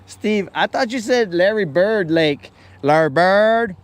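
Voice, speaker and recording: A middle-aged man hosting a fishing livestream from a boat on a lake, chatting and joking with viewers in a rambling way. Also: high voice. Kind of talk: casual live-stream chat.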